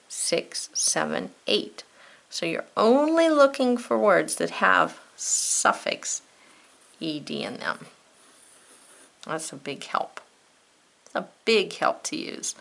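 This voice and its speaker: A woman teacher leads a children's spelling lesson, calmly spelling each word letter by letter. Her voice sits a little low, has a gravelly edge, and moves at a slow, patient pace. She thinks aloud and encourages her young listeners as she goes. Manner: thinks aloud, talks to herself.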